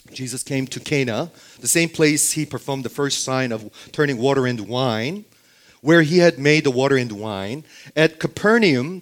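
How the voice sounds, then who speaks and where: A man with a mid-range voice preaches a sermon on the Bible. He keeps posing rhetorical questions to his listeners and checking in with "okay?"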